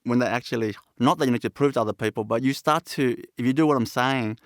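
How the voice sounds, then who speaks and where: A man leading a satsang as a spiritual teacher, his voice carrying a gravelly fry at an ordinary middle pitch. He talks in an earnest, reflective way, pausing often and restarting his sentences. The sound is dry, with no room around it. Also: dry recording. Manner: halting, reflective, with many pauses and restarts. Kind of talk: satsang talk.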